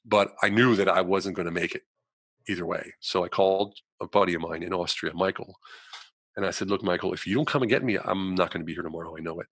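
A man, a guest in a conversation, telling a personal story in an animated way, acting out the voices of people he quotes and using lots of "you know" fillers. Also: deep voice, quick pace, dry recording.

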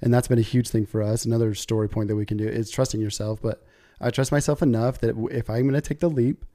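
A man's voice: mid-range voice, steady tone, fast, mellow. A man co-hosting a podcast, talking earnestly and directly to the listeners. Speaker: podcast co-host. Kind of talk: casual chat.

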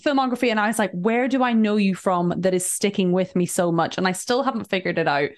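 A woman co-hosting a podcast, chatting casually about movies and reacting with quick laughs. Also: medium pitch. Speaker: podcast co-host.

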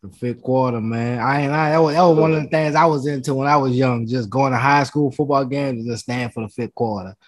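A man co-hosting a casual sports podcast who chimes in with quick agreement and short casual remarks. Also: medium pitch, reverberant. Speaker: podcast co-host.

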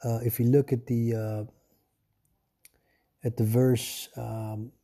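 Speaking slowly in a flat, dark-toned mid-range voice, a man preaches informally from his home. He's self-made, tends to ramble and say things over again, and frequently calls his audience "folks."

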